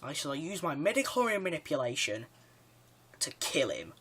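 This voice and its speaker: A sinister male Sith lord muses over whom to kill, his voice dropping low and quiet. The words come slow and drawn out, full of cold menace, played by a man doing a quick impression. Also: very animated, slightly rough, full character voice.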